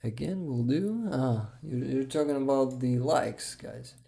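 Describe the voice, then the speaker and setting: A tired man hosting a casual livestream and reading out viewer comments in a hesitant, halting way, often restarting and chuckling softly. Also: medium pitch, creaky. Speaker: livestream host.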